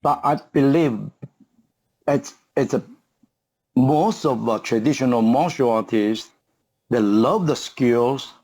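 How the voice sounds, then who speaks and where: Guesting on a podcast interview, this martial arts coach in his 50s has a mid-range, slightly mellow voice. Speaking in English, he halts often, hunting for words and filling gaps with fillers and restarts.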